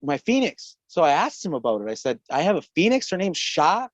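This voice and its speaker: A man's voice: on the high side, very animated, fairly quick, dry recording. A man telling a long story as a podcast guest, rambling and swearing, often breaking into laughter. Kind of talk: casual storytelling. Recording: dull lo-fi call audio.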